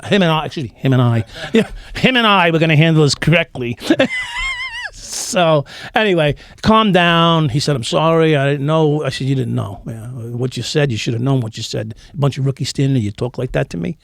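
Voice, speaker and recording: A middle-aged man with a gravelly, rough edge to a fairly high voice. He tells his stories bluntly, swearing freely and acting out the lines of the people in them. The sound is close and dry. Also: a little fast, no echo. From New York. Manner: profane, blunt storytelling, acting out quotes. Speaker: interview guest, former police officer. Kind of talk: candid storytelling in a podcast interview.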